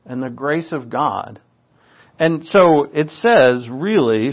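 A man's voice: medium pitch, expressive, slow pace. A man teaching a Bible passage from the Greek, explaining and emphatic, often restarting his phrases. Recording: dull lo-fi recording.

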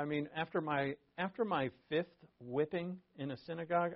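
A man's voice: on the high side, normal speed, few pauses. A man preaching a verse-by-verse sermon. He reads scripture aloud and then explains it in a conversational way, with asides. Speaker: pastor. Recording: dull lo-fi sermon recording.

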